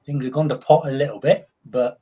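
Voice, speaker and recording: A man's voice: mid-range voice, fairly even intonation, a little fast, dark tone, husky, natural voice. A man doing a put-on Cockney accent as a chatty London shopkeeper, rambling in stock phrases. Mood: chummy. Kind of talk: podcast banter.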